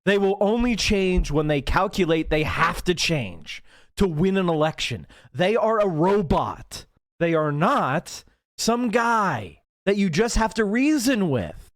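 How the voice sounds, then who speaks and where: A political livestream host from Pennsylvania launches into a heated, profane rant, angrily stressing every point. His voice is high for a man and rises and falls sharply as he hammers away. The audio is close and dry, with no room sound or echo.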